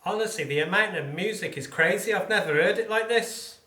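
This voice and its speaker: A man's voice: sits high, fairly quick, pushed and bright. A man investigating an abandoned hospital at night, speaking in a laid-back way as he reports what he hears. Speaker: paranormal investigator. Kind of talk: casual chat on a ghost hunt. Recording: echoey empty room.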